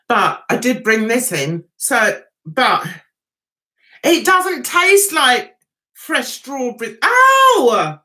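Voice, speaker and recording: Lively, bright-voiced Cockney woman chatting. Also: a little high. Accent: London Cockney. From England. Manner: chatty, reads viewer comments aloud and answers them. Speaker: livestream host reviewing TV. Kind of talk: casual livestream chat.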